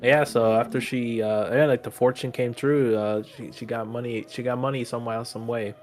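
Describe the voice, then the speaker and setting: A man co-hosting a podcast in casual chat, relaxed and halting as he recaps the plot. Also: medium pitch, soft background music. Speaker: podcast co-host.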